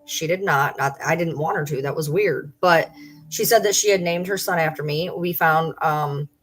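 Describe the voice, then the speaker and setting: A woman's voice: low voice, moderate pace, soft background music. A middle-aged woman streamer telling a story in a casual, blunt and profane way. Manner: blunt, profane, animated retelling.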